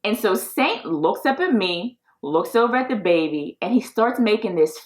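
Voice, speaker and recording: A woman's voice: mid-range voice, sing-song, normal speed. Upbeat woman in her 30s hosting a podcast, chatty and encouraging, laughs a lot. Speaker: podcast host. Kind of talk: casual solo podcast talk.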